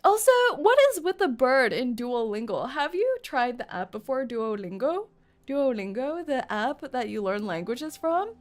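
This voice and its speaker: Giggly high-voiced woman streamer. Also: sing-song, unhurried. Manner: giggly, playful, keeps stumbling over a mock British accent. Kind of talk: reading a game story aloud and chatting with chat.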